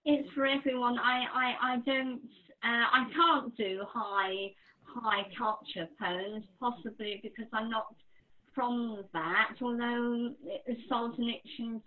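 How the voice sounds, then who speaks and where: A woman poet talking as an interview guest, chatty, with many ums. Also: on the high side. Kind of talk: casual interview talk. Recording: tinny phone-like line.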